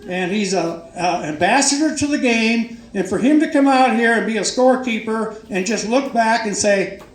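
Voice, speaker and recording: A man's voice: high voice, normal speed. An older man presenting awards at a banquet, folksy and joking, talking up each winner with emphatic praise. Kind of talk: casual speech at a banquet. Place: banquet hall. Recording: echoey hall with crowd and noise.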